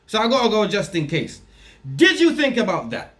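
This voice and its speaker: A young man telling a crude story to camera, loud and animated, acting out both sides of an argument. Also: high voice, moderate pace.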